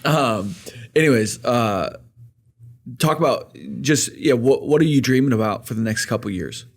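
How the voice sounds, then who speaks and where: A man hosting a casual podcast interview, relaxed and backing up the guest with short agreeing words. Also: medium pitch, normal speed. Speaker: podcast host.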